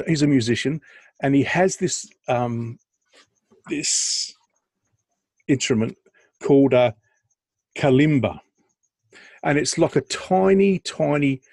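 A man's voice: medium pitch, a little mellow, no room sound. A man co-hosting a podcast, chatting casually and telling stories in a rambling, jokey way over a video call. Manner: rambling, jokey, with restarts and bursts of laughter. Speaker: podcast co-host. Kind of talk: casual chat and storytelling.

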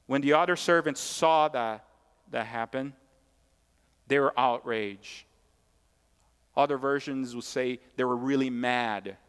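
A man's voice: medium pitch, a bit bright, smooth. A man preaching a sermon as pastor, emphatic and conversational, repeating key points and tossing asides to the congregation. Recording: long hall reverb.

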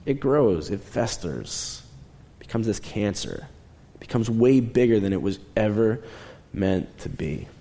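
Young guy preaching, chatty sermon, gets loud and high on big points then goes soft and low. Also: big pitch swings, measured pace, vocal fry. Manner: conversational, swings between raised emphatic lines and quiet asides. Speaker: pastor.

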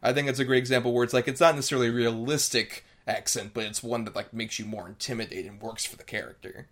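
A man's voice: mid-range voice, fairly even intonation, fast, a bit bright. A man co-hosting a casual film podcast, talking thoughtfully and analytically with plenty of filler words. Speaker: podcast co-host.

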